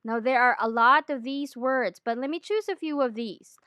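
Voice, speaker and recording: A woman giving a scripted lesson on training, in a clear, deliberate teaching manner. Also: sits high, sharp tone, dry recording, studio quality. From Philippines. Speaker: accent trainer.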